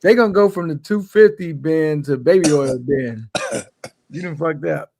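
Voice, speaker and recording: A man's voice: fairly high pitch, normal speed, vocal fry, darkish tone, slight background noise. A man in casual, profane podcast banter, teasing and laughing.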